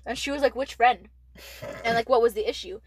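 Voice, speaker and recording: A woman's voice: on the high side, a little fast, slight background noise, poor audio. A teenage girl from Texas telling a school story in casual chat, rambling with lots of "like" and frequent swearing. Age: late teens. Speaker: podcast co-host.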